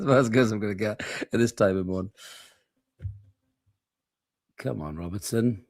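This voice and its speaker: A man's voice: fairly low pitch, normal speed, pauses often, darkish tone, no room sound, studio quality. A tired man co-hosting a late-night football watchalong, joking and swearing casually. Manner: laid-back, swearing, joking banter. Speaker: co-host of a football watchalong stream. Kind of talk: casual live match chat.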